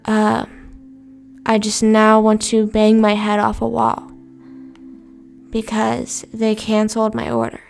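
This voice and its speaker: A woman's voice: mid-range voice, gravelly, a little mellow. A woman live streaming in casual chat, rambling and venting with casual swearing.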